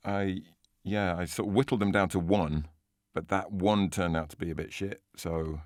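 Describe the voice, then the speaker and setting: A man's voice: low-pitched, fairly even intonation, moderate pace, no room sound, studio quality. A man co-hosting a podcast in casual chat, self-deprecating and easily amused. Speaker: podcast co-host.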